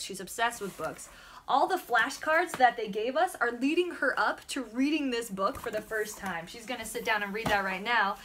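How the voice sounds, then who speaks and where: A high-pitched young woman gushes through a casual home vlog, bubbly and excitable as she chats to her toddler between remarks. The recording carries a clear layer of background noise. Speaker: mom vlogger. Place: home room with backdrop.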